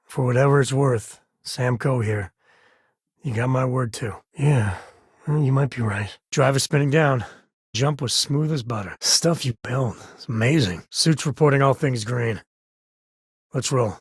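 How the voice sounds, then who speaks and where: A laid-back, wry space cowboy in a video game. His husky, breathy tone is mid-pitched and recorded close and dry in a studio. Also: normal speed, dry recording. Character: rugged male space cowboy companion, easygoing. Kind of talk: game voice lines. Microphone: close studio mic.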